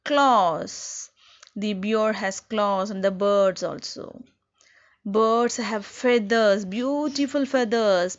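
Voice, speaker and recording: A woman teacher talks slowly and carefully to a class of young children. She puts simple questions to them and answers each one herself. The recording sounds dull and lo-fi. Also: mid-range voice. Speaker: schoolteacher. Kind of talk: recorded online class lesson.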